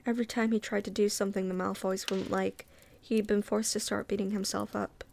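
A woman reading a novel aloud casually, relaxed and unpolished, sometimes stopping to comment. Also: medium pitch, brisk, vocal fry, a little hiss or hum. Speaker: reader.

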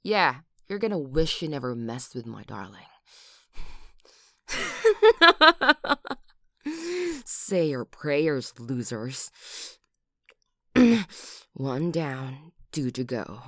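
Woman doing a husky, murderous doting lover. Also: very deep voice, very animated, a little slow, dry recording, clean studio sound, full character voice. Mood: menacing. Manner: breathy whispers with sudden loud outbursts. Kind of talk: whispered role-play.

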